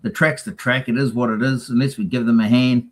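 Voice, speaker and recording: A man's voice: medium pitch, steady tone, fairly quick, slight background noise, low-quality recording. A man, a racing team guest, chatting casually and acting out quotes in his stories. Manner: chatty storyteller, acts out quotes. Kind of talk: casual chat.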